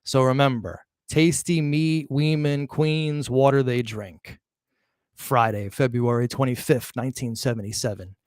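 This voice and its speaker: With a medium-pitched, clear, resonant voice that's a little mellow, this true crime channel host speaks unhurriedly and with fairly even intonation. The studio-quality recording is dry. He reads out letter excerpts and ridicules his critics, chuckling and starting over at times.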